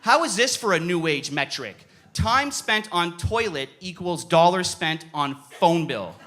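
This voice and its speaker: A young man doing stand-up in a comedy club, his voice bright and higher than most men's. He swings his pitch all over the place and breaks into sudden yells when he acts out his stories. Audience laughter rises behind him. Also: unhurried, a little hiss or hum. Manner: animated, yelling bursts in acted-out stories.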